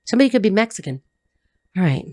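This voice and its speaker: A woman's voice: mid-range voice, very animated, fast, warm tone, dry recording. A woman giving a casual tarot reading to camera, blunt and profane, laughing often, her voice cracking a little. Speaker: tarot reader and life coach.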